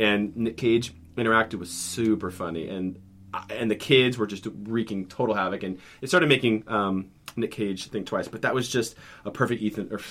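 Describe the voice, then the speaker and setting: A man's voice: lowish voice, a bit bright. A man co-hosting a podcast, retelling film scenes in a rambling, easily amused way. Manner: rambling storytelling, laughs easily. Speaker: podcast co-host. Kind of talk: casual film discussion.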